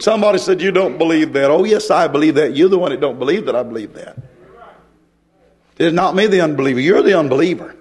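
A man preaching a fervent sermon, hollering and getting excited, mimicking hecklers and answering them. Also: fairly high pitch, fast talker.

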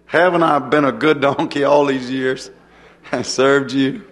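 A man's voice: mid-range voice, fairly even intonation, unhurried, close to an everyday voice. A man voicing a complaining old male donkey that reproaches its master. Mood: reproachful.

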